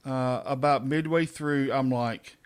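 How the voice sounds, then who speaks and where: A man's voice: mid-range voice, fairly even intonation, takes it slowly, smooth. A middle-aged man co-hosting a podcast in casual chat, a chatty storyteller who laughs often. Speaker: podcast co-host.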